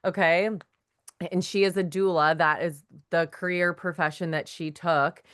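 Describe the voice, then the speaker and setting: A woman's voice: on the low side, fairly even intonation, a little slow, fairly bright tone, clean tone. A woman, telling her personal testimony at a faith meeting and acting out the lines of the people in her story. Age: 30s. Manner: talkative storyteller, acts out quoted lines. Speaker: guest sharing her testimony.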